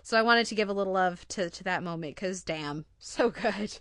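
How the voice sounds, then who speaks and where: Gushing and emotional, a woman hosting a TV podcast chats about the scenes she loves most. She speaks at normal speed in a slightly bright, mid-range voice, and the studio recording is clean without echo.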